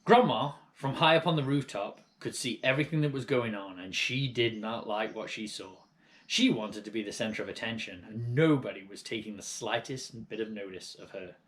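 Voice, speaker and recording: A man reading a children's storybook aloud with lively, expressive narration. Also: fairly low pitch, normal speed. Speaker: audiobook reader.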